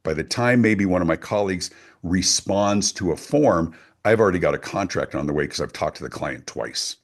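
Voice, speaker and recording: A man's voice: sits low, animated, normal speed. A middle-aged man, a guest speaker and author, talking emphatically in an interview. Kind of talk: animated interview talk.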